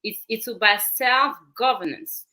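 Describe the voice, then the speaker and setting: Bright-voiced woman with a French accent. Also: on the high side, a little slow. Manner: explains step by step, repeating phrases. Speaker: parenting coach guest. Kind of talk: talk show interview.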